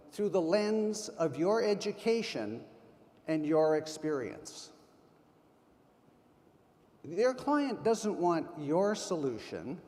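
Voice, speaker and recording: A man's voice: sits high, a little mellow. A man in his sixties giving a motivational keynote at a sales conference, emphatic and full of anecdotes. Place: large conference hall. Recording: long hall reverb.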